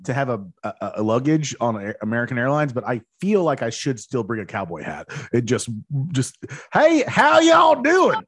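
A man's voice: mid-range voice, lively intonation, fairly quick, few pauses, breathy edge, dry recording, studio quality. A young man in casual podcast banter, rambling and sarcastic with frequent restarts. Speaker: podcast co-host.

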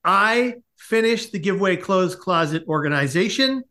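Animated man telling a story. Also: high voice. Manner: lively, comic, quick asides. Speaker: guest. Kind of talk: animated storytelling in a podcast interview.

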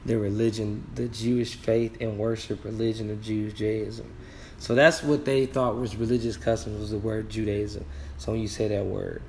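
A man, slowly working through a Bible word study, sounding out words and marveling with frequent exclamations. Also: fairly low pitch, little pitch movement, slight background noise.

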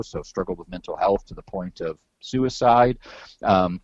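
A man's voice: low voice, a little mellow, slightly rough, no room sound, lo-fi sound. A man hosting a podcast in casual chat, rambling and loose with some swearing and many repeated words. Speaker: podcast host.

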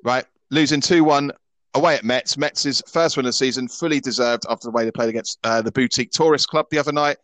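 A man's voice: medium pitch, fast talker, fairly bright tone, dry recording. A Scottish man in his thirties hosting a football podcast in casual chat. He is opinionated and often stammers and restarts his sentences. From Scotland. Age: 30s.

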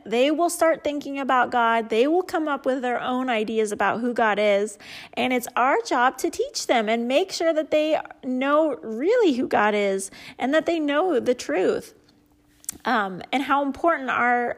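A woman hosting a casual chat and reading out funny stories, often breaking into laughter at them. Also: high-pitched. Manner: giggly, often laughs at what she reads. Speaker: host; parent.

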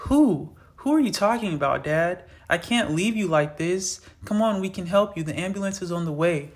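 A man voicing a frantic teenage boy, speaking fast and loud. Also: high-pitched, lively intonation, pitched above the performer's own voice.

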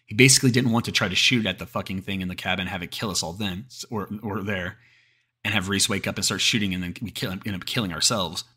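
Deep husky man telling a horror story. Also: pushed and bright. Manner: profane, restarts mid-sentence. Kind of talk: creepypasta horror narration.

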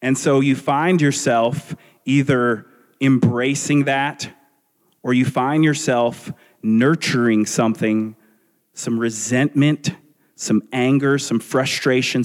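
Slow-preaching pastor in a reverberant hall. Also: male voice, mid-range voice. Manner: slow, earnest preaching with rhetorical questions. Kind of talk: sermon. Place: church sanctuary. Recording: long reverb of a large hall.

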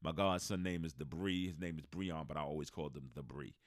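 On a podcast he co-hosts, a man with a very deep voice tells a long story fairly quickly, animatedly acting out the characters' quoted lines. The recording is dry and clean, studio-grade, in a casual storytelling chat.

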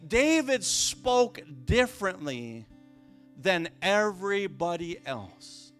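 A man preaching a sermon with passion, repeating phrases and rising to shouts for emphasis. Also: extremely high pitch, a little slow, soft background music.

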